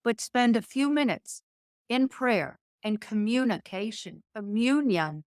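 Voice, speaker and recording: A woman guest on a faith and business podcast who speaks in an earnest, measured, motivational way and slows down to stress key words. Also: fairly high pitch, animated, clear, resonant tone, dry recording, clean studio sound. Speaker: guest entrepreneur. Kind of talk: faith-based business interview.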